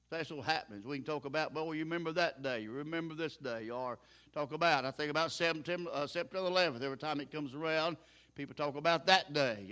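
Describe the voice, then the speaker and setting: Older male preacher, folksy and higher-pitched. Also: bright, forceful tone. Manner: folksy, chuckling, plain-spoken. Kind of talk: sermon.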